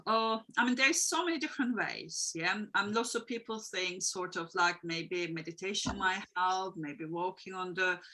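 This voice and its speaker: On a video call, a woman guest who works as an emotional wellbeing coach answers interview questions in a mid-range, bright voice with a forceful tone. She explains earnestly in long sentences, repeats phrases, and makes small non-native grammar slips. The recording is rough.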